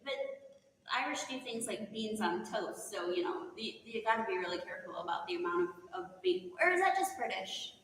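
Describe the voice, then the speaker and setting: A woman's voice: mid-range voice, expressive, brisk, fairly bright tone, a little hiss or hum. A woman author hosting a live question session, talking hesitantly with many fillers and light giggles. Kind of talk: casual live Q&A. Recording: very echoey hall with long reverb.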